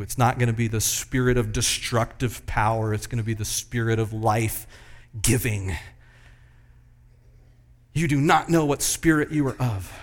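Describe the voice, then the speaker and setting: A man delivers a sermon in a middle-pitched voice. He builds to loud, emphatic peaks, then drops to hushed, slow lines. His delivery stays dramatic throughout. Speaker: pastor.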